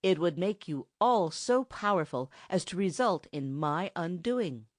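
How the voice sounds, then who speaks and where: A woman's voice: lowish voice, lively intonation, measured pace, dry recording, studio quality. Woman voicing Dragonfell, a cold sneering enchanter.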